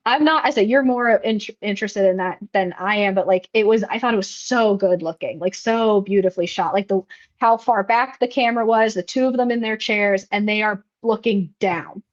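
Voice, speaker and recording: A woman co-hosting a casual film podcast, talking in a chatty run with lots of "like" and restarts. Her voice sits at a middle pitch. The recording sounds a little dull and lo-fi. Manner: chatty, many fillers and restarts. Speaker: podcast co-host. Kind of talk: casual chat recapping a film.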